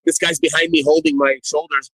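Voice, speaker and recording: A man's voice: on the high side, fairly quick, slightly rough, no echo, rough recording. Man telling a nightclub bouncer story. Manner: animated retelling with quoted dialogue and repeated phrases. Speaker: former nightclub doorman. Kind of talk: casual spoken storytelling.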